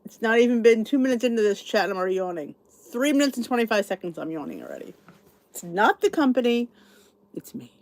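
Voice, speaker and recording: A woman's voice: a little high, expressive, fast talker, darkish tone. A middle-aged woman hosting a casual livestream chat, greeting viewers and reading their comments aloud. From New Jersey, US. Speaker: channel host.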